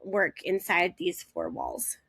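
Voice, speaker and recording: A woman's voice: lowish voice, wildly swooping pitch, slow, a bit bright, slightly rough, dry recording, studio quality. A middle-aged woman talking earnestly and reflectively about raising three sons on a podcast. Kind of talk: emotional podcast conversation.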